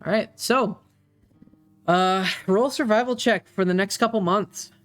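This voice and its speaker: Give me a laid-back game master walking players through a tabletop session. The voice sits at a middle pitch and pauses often on fillers, with faint music in the background. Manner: relaxed, full of fillers.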